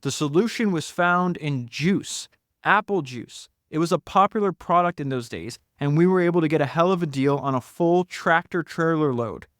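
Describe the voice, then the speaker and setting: A man hosting a solo podcast, talking enthusiastically through book passages with frequent laughs and quick asides. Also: on the high side, fairly bright tone, dry recording, clean studio sound. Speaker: podcast host.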